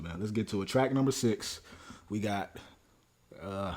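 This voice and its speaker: A man's voice: fairly low pitch, measured pace, long pauses. A young man hosting a music reaction video, talking casually and animatedly to viewers. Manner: animated, talks straight to viewers with slang. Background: music playing.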